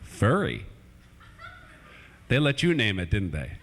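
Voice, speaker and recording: A man's voice: fairly low pitch, wildly swooping pitch, slow pace, a bit bright, slight background noise. A man doing playful family stand-up comedy in a church hall, chatting with kids in the crowd, on an old VHS recording.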